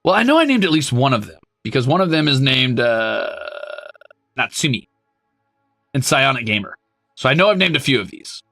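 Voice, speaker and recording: A male streamer in casual livestream chat, his voice gravelly and bright-edged, swinging widely up and down in pitch. He is playful and animated, breaking into squeals and mock scolding and swearing casually. The sound is dry and close. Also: moderate pace, no room sound, faint music behind.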